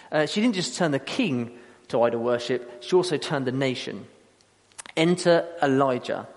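A man preaching a sermon, telling a story with energy and acting out the quotes. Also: fairly high pitch. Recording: long hall reverb.

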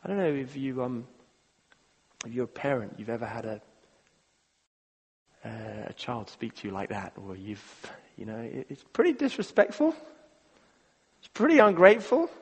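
A man preaching a sermon, earnest and halting, repeating words and swinging between loud appeals and hushed moments. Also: mid-range voice, very animated, vocal fry, breathy edge. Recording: long reverb of a large hall.

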